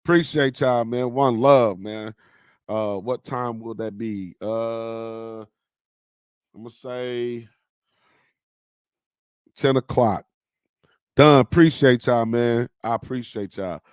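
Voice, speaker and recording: A man's voice: mid-range voice, slow pace, long pauses, smooth, no room sound, clean studio sound. A man hosting a casual livestream, chatting loosely with his viewers and peppering his talk with "man" and "y'all". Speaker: podcast host on a livestream.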